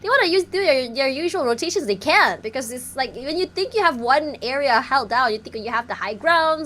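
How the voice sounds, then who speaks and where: A bubbly, playful woman casts a mobile esports match live, teasing herself as she goes. Her voice is high and a bit bright, with lively intonation, a slightly fast pace and hardly any pauses. There's faint background noise in the recording.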